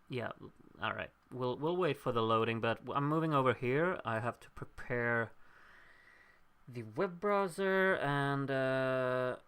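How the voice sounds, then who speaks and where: A man's voice: mid-range voice, a bit bright, smooth. A young man hosting a live watchalong stream, chatting casually, reading out viewer votes and laughing at his own slip-ups. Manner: chatty and upbeat, laughs at himself, thinks aloud.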